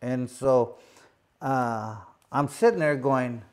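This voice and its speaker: A man's voice: medium pitch, slow pace, darkish tone. A man, a former boxing champion, telling a long casual story, full of "you know" and repeated "he goes". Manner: rambling, many fillers and repeated "he goes".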